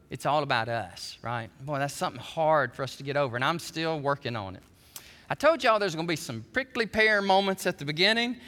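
A man pastor preaching a sermon, telling animated stories with stammering restarts. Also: a little high. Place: church sanctuary. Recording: long hall reverb.

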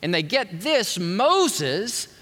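A man delivers an emphatic sermon in a high, bright voice, pressing hard on his points and throwing questions out to the congregation. Long reverb from a large hall trails behind his words. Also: very animated, extremely slow. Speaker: preacher.

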